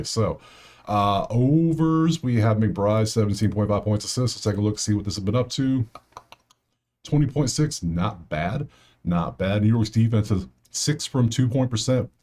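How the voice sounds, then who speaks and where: A man hosting a sports betting channel, casually breaking down games and picks while thinking out loud in slangy talk straight to his viewers. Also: fairly low pitch.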